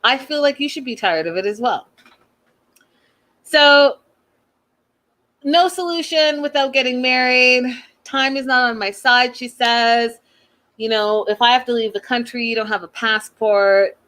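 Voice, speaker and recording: A woman's voice: on the high side, measured pace, pauses often. Chatty woman recapping a reality show. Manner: chatty and animated, sighs, exasperated rants. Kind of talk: casual recap commentary.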